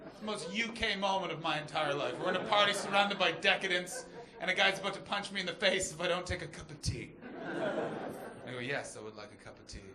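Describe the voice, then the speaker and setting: A man from Canada performing a stand-up comedy set on a club stage, loud and manic, shouting his punchlines. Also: high-pitched, fairly quick, heavy background noise. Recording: echoey club with loud crowd laughter.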